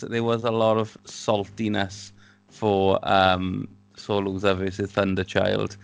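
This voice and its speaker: Very low, slow-talking man guest. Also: creaky. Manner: unsure, hesitant, laughing. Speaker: podcast guest. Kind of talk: casual podcast chat.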